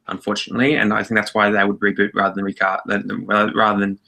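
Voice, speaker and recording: A man's voice: on the low side, monotone, quick pace, creaky, bright, forceful tone. An Australian man co-hosting a film podcast, rambling casually with hedges and dry jokes. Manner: rambling, hedging, dry joking. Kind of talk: casual chat.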